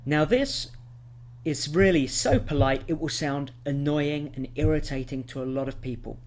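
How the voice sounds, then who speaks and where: A man with an English accent teaching an online English lesson, clearly explaining and modelling example sentences. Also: on the high side, normal speed. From England.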